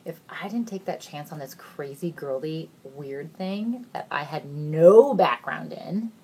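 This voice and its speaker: A woman in her thirties giving an emotional recruitment pitch, earnest and gushing, near tears at times, swinging between excited highs and hushed near-whispers. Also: measured pace, breathy edge. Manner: earnest and gushing, says "you guys" a lot, voice rising and dropping to near whispers. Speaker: sales recruiter.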